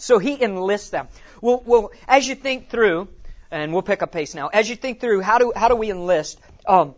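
A man giving an animated teaching talk at a conference. He tells it like a story, acts out quotes and often says "you know". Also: high voice, normal speed, muffled recording. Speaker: conference speaker.

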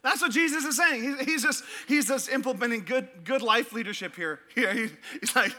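High, bright-voiced preacher, animated and laughing. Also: male voice, brisk. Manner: animated, laughing, playful asides. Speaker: pastor. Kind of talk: sermon. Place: church.

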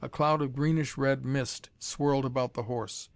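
A man narrating an adventure novel as an audiobook in a steady, measured storytelling manner. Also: mid-range voice, vocal fry, no room sound.

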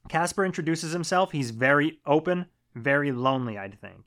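A man co-hosting a podcast, casually recapping a movie with a laid-back manner, swearing now and then and trailing off quietly. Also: fairly high pitch, expressive, normal speed. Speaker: podcast co-host.

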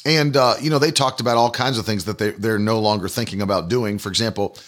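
A man hosting a prophecy broadcast speaks to his listeners in an indignant, rambling way, repeating himself and using many fillers. His voice is fairly low and a bit bright, and he talks at a quick pace.

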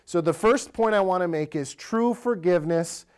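Higher-voiced man preaching a relaxed sermon. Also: moderate pace, clean tone. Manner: relaxed storytelling, asks the congregation direct questions. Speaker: pastor. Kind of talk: conversational sermon.

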